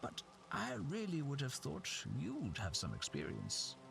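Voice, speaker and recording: Haughty old game gentleman, gravelly and lower, wildly swooping pitch, music underneath. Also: huge pitch swings, measured pace, heavily acted. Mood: condescending. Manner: condescending, refined. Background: background music.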